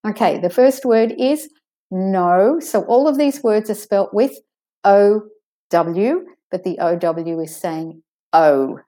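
A woman teaching an audio pronunciation lesson, saying words slowly and carefully for listeners to repeat. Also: medium pitch, warm tone.

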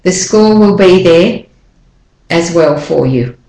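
Woman pronunciation teacher, unhurried and patient, lowish voice, roomy echo. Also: lively intonation, dark tone. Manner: patient, slows down to model sounds. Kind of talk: explanatory lesson with read-aloud examples.

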